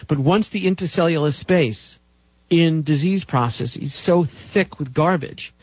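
Preachy guy lecturing on health, slow and swooping, chants lists, dull dry sound. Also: on the high side, no echo.

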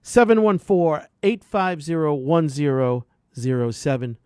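A man's voice: a little high, animated, unhurried, dark tone, clear, resonant tone, dry recording. A man hosting a radio health show, delivering an impassioned, repetitive, preachy monologue into a studio microphone.

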